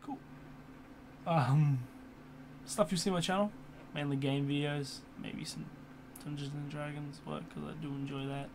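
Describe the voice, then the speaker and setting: A man's voice: a little high, steady tone, moderate pace, vocal fry, long pauses. A young man vlogging casually, rambling with many fillers and restarts, and swearing often. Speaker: YouTuber. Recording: computer fan hum in background.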